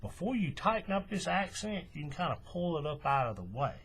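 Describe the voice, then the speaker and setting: A man's voice: on the high side, fairly quick, slightly rough. A man hosting a hands-on craft tutorial, talking casually step by step while he works with his hands. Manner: relaxed, folksy, talks while working with his hands.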